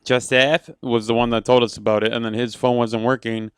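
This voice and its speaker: Teasing podcast cohost dude, smooth clear voice, dry sound. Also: male voice, mid-range voice, little pitch movement, fairly quick, no room sound. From Southern California. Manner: teasing, laughing. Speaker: podcast co-host. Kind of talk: casual chat.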